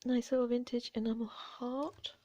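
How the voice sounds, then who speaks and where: A woman chatting gently as she shows her vintage jewellery finds. She talks quietly, often slipping into whispers, with playful asides. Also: a little high, level tone, normal speed. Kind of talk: relaxed show-and-tell chat.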